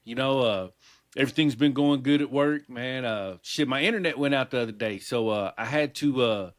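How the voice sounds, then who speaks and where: A man co-hosting a podcast, chatting in a relaxed, laid-back way and dropping "man" into most sentences. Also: mid-range voice, moderate pace, no room sound, studio quality. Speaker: podcast co-host. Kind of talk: casual chat.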